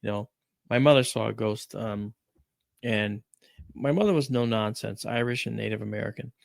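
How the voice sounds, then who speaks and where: A man's voice: fairly low pitch, moderate pace, vocal fry, dry recording, clean studio sound. A man hosting a talk show, chatting casually and telling rambling, emphatic stories. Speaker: radio show host. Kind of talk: casual storytelling chat.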